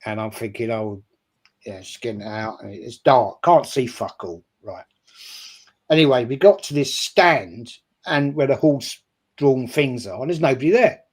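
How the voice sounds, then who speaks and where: A man's voice: medium pitch, lively intonation, normal speed, slightly rough. An older English man on a video call, telling a casual anecdote with lots of swearing, acting out the people he quotes. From England. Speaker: stream guest. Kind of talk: casual storytelling.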